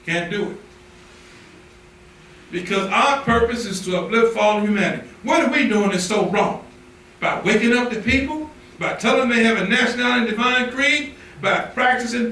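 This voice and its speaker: A very high-pitched man, his voice pushed and bright, preaches a fervent, repetitive sermon at a normal speed in a temple hall. He hammers his points home with rising emphasis, picked up by a distant mic in an echoey, noisy space.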